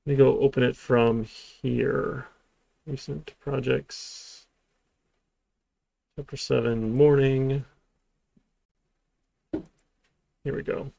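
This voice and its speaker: A man's voice: medium pitch, fairly even intonation, very slow, creaky, long pauses, dark tone, dry recording. A man teaching a programming class in a live-streamed lecture, talking in a rambling way with dry, sarcastic asides. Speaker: programming instructor.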